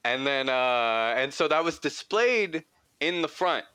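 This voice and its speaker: A man's voice: medium pitch, animated, a little slow, bright, forceful tone, clear, resonant tone, no echo. A young man hosting a podcast, telling a childhood story in a rambling, profane way full of "like" fillers. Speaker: podcast host. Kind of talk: casual storytelling chat.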